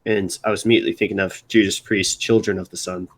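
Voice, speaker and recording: A man's voice: low-pitched, flat delivery. A young man from Baltimore chatting casually on a live stream, rambling and restarting his sentences. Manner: rambling, halting, many restarts. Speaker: music segment host.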